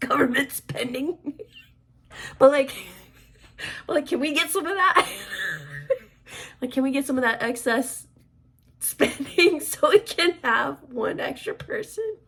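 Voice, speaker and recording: A woman in her thirties chatting casually as a vlogger, rambling with lots of fillers, clearing her throat often and dropping to soft asides. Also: a little high. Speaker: crafts vlogger and military instructor. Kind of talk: casual chat.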